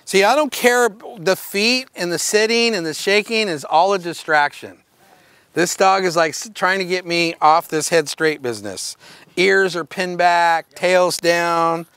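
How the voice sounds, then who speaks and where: A man teaching a hands-on workshop, his voice sitting a little higher than most men's. He gives short, direct commands and mixes in playful asides between them. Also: unhurried, fairly bright tone, smooth, no room sound. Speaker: dog show handling instructor.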